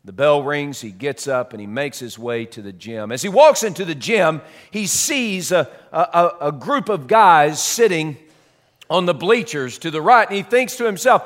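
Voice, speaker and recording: A man preaching a sermon as a story, dramatic, swinging between loud and soft. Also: a little high, lively intonation, normal speed. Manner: dramatic, shifts loud and soft, repeats words.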